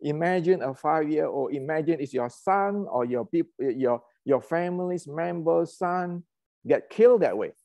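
A man's voice: a little high, lively intonation, a little slow, gravelly, mellow, dry recording. Heated man. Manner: heated, ranting, many restarts and fillers. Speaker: martial arts channel host. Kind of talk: casual lecture.

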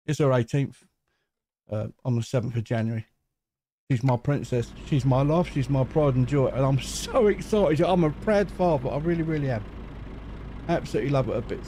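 A man's voice: medium pitch, brisk, dark tone, no echo. Chatty rambling man in dry audio. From England. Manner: chatty, rambling, self-mocking. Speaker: gaming channel host. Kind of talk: casual gameplay commentary.

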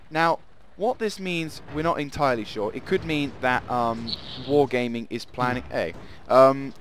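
A man's voice: medium pitch, a bit bright, a little hiss or hum. A man hosting casual gameplay commentary, rambling and playful, often laughing. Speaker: gaming channel host.

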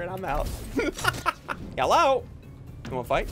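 A young man giving jokey, excitable commentary while playing a video game. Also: high voice, measured pace, long pauses, faint music behind. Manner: excitable, jokey, yelps and laughs mid-play. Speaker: gaming channel host. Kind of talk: live gameplay commentary.

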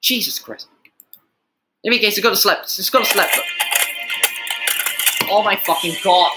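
A man giving profane, exasperated reaction commentary, swearing often and jumping in pitch. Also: normal speed, long pauses, pushed and bright, soft background music, poor audio. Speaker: reaction video host.

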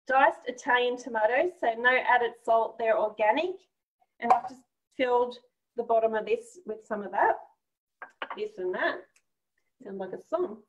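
A woman's voice: on the high side, highs cut off. A woman with an Australian accent, German-born, chatting encouragingly as she walks through a live cooking demo step by step.

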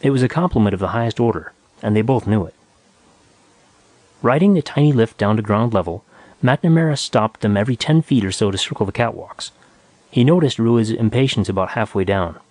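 A man narrating a science fiction story in a measured, even reading. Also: lowish voice, dry recording. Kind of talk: scripted audiobook narration.

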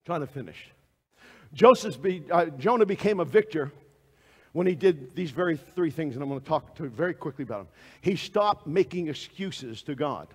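A man preaching a sermon to a congregation, asking them direct questions and swinging between loud exclamations and hushed asides. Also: a little high, expressive, moderate pace, breathy edge, big-room sound.

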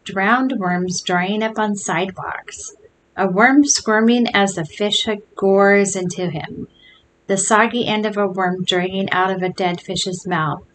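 Woman storyteller, children's book read-aloud, slow expressive delivery, medium pitch. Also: a little hiss or hum, poor audio.

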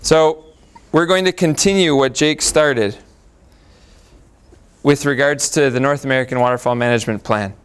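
Smooth-voiced male guest lecturer. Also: mid-range voice, moderate pace. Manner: friendly, gracious opening remarks. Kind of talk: academic talk.

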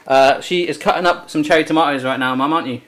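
A young man hosts a casual cooking video in a home kitchen, chatty and teasing as he walks through the steps. His voice is a little high, fast and a bit bright.

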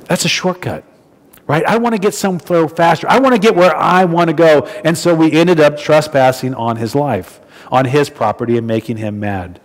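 Guy from new jersey giving a sermon, kinda high voice, chatty with lots of restarts, long church echo. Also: moderate pace. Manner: conversational storytelling with frequent restarts. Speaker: preacher. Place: church hall.

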